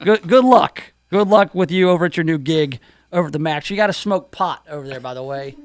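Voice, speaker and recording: Hosting an afternoon radio show, a Memphis-area man trades jokes in the studio and puts on hammy country DJ voices. He speaks briskly at a fairly high pitch on a studio mic with no room sound.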